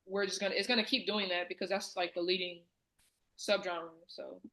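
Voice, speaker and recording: A woman's voice: lowish voice, fairly even intonation, fairly quick, fairly bright tone, rough recording. A woman from the American South, co-hosting a podcast in casual chat, talking loosely with plenty of fillers. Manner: chatty, many fillers. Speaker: podcast co-host.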